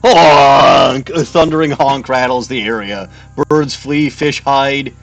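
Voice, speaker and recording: A man's voice: mid-range voice, a little slow. A man playing a text game, reading its narration aloud with wry, chuckling asides. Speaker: game player.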